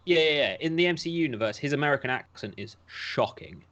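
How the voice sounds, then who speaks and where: A man's voice: medium pitch, animated, quick pace, fairly bright tone. A man from the United Kingdom co-hosting a casual podcast chat, reading news aloud with jokey, sarcastic asides. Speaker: podcast co-host.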